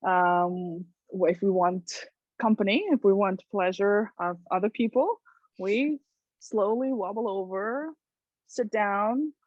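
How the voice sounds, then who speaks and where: A woman's voice: medium pitch, takes it slowly, no echo. Woman hosting a talk show in a dry, dull recording. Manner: animated storyteller who acts out voices. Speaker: host. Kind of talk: casual chat on a talk show.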